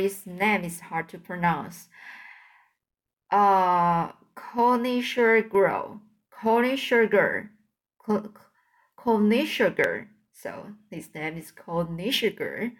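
A woman reading a fairy tale aloud, halting over hard words and correcting her slips. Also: mid-range voice. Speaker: audiobook reader.

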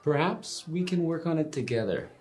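A man's voice: fairly high pitch, expressive, moderate pace, a little mellow, lightly acted. A man voicing a kind, supportive young male coworker in a scripted lesson dialogue, with sincere delivery.

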